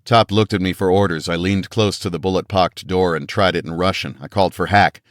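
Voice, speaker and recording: Deep-voiced man narrating tense action. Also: fairly even intonation, a little fast, dry recording, clean studio sound. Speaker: audiobook narrator. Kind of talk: first-person scripted narration.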